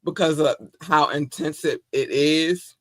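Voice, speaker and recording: A woman's voice: low-pitched, a little slow, dry recording. A woman co-hosting a casual podcast, effusive and playful, speaking. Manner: bubbly and effusive, shouting out listeners. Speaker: podcast co-host.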